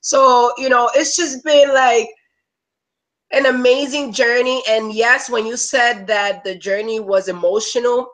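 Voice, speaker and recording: A woman in her thirties gives an emotional personal testimonial, rambling with lots of "like" and "you know" and coming close to tears at times. Her voice is a little high and a bit bright, with a steady tone and slightly slow pace. The audio is poor.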